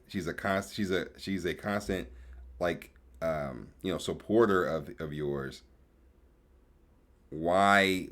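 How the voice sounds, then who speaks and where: A man's voice: sits low, a bit bright. A man reacting to a clip in casual chat, slangy and swearing, laughing often. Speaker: streamer co-reacting.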